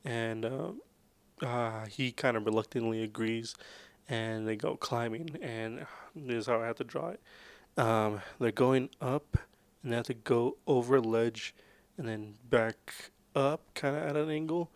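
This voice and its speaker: A man's voice: mid-range voice, a little slow, dry recording. A man casually recapping movies in a vlog, rambling with lots of fillers. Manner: rambling, filler-heavy, laid-back.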